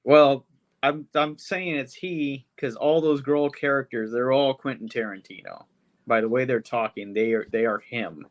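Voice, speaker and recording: A man's voice: mid-range voice, normal speed, highs cut off. A man hosting a podcast, reviewing a movie in rambling casual chat full of swearing. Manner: rambling, swearing, frequent fillers. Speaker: podcast host. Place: podcast studio.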